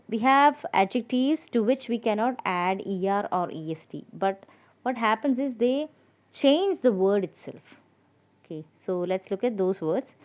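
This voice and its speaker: A woman with a mid-pitched voice teaches a grammar lesson, patient and methodical. She spells words out one letter at a time and pauses with small fillers. The recording sounds a little dull and lo-fi. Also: a little mellow. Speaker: English teacher.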